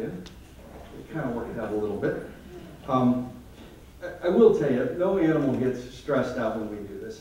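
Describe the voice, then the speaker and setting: His voice mellow and medium in pitch, a photographer pokes fun at himself in a wry comic talk before a live crowd in a big hall. The recording comes from a distant mic, echoing in the space, with slight background noise.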